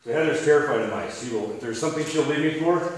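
A man's voice: mid-range voice, fast. A man in his thirties preaching to an audience in a conversational storytelling way, chuckling and restarting his sentences. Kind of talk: storytelling sermon. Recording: echoey room, distant mic, faint hiss.

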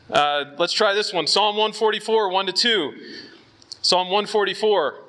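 A man's voice: sits high, normal speed, sharp tone, poor audio. A man from Southern California preaching at a youth conference in a casual, conversational way, slightly out of breath, checking in with his listeners. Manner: casual and conversational, with fillers and audience check-ins. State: out of breath from altitude. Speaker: conference speaker.

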